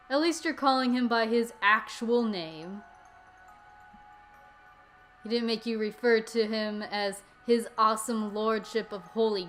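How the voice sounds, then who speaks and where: A woman's voice: mid-range voice, fairly bright tone, pitched below the performer's own voice, close to an everyday voice. A woman voicing a proper, apologetic young princess in a let's play of a visual novel, with formal, polite speech.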